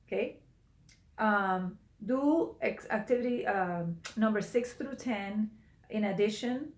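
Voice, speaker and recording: A woman's voice: medium pitch, animated, slow, echoey room. A woman teaching a recorded language class, patient, repeating and translating each phrase for her students. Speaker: Spanish teacher.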